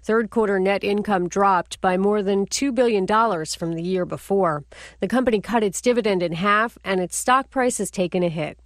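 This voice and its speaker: A woman radio reporter filing a measured, clear business news report. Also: mid-range voice, no room sound, studio quality.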